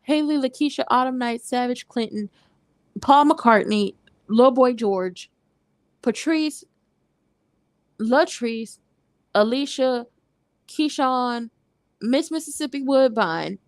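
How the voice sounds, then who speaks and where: Sassy high-voiced woman recapping TV. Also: slow, long pauses, no room sound. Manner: animated, sassy, retells scenes with quoted voices. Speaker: recap host. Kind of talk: casual TV recap commentary.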